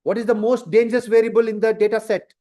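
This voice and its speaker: A man teaching data science to a class, asking lively rhetorical questions. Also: high voice, quick pace. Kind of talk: classroom lecture.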